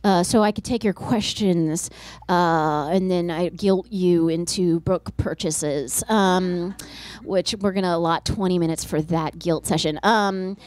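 A woman in her thirties, a comedian and author giving an animated stand-up style book talk at a bookstore event. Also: fairly low pitch, unhurried, dry recording. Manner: animated, voices characters, deadpan asides.

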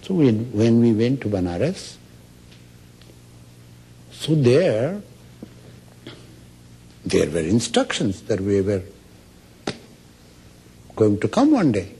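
A man teaches meditation in an unhurried lecture, pausing often between phrases. His voice sits low and has a husky grain. He tells stories and acts out the quoted lines. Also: dark tone. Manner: storytelling, acts out quoted speech. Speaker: spiritual teacher.

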